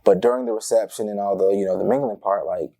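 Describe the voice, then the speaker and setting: A young man from Tampa, Florida, telling personal stories as an interview guest, animated and acting out the voices of the people in them. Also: on the low side, fast, creaky. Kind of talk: casual personal storytelling.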